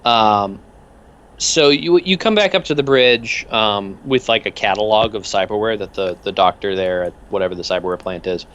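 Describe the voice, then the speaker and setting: A man's voice: on the low side, normal speed, a bit bright, muffled recording. A man narrating as game master in a tabletop game, rambling with many fillers and restarts.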